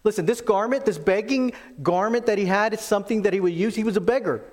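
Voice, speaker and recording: A man preaching a sermon, animated in his storytelling and acting out the quoted voices. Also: high voice, fast. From lived in Texas. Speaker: pastor.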